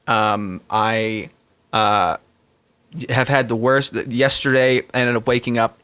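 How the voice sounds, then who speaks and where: A man's voice: medium pitch, bright, forceful tone, clear, resonant tone. A man streaming live, chatting casually to his viewers in a rambling, heartfelt way with many fillers and restarts.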